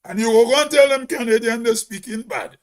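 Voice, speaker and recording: A man's voice: very high-pitched, a little fast. A man with a Grenadian accent, hosting a casual monologue and speaking emphatically, repeating words for stress. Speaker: host.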